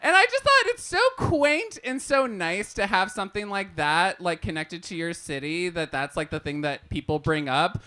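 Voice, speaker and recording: A woman from Portland performing a live stand-up set at a comedy cafe, animated and profane, laughing at her own jokes, on a handheld stage mic. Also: lowish voice, moderate pace, few pauses.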